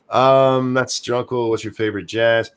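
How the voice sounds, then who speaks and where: A man hosting a livestream, reading viewer questions out loud and joking with his co-hosts. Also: mid-range voice, steady tone, takes it slowly, creaky. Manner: reads out chat questions, joking. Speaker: stream host reading chat. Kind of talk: casual chat.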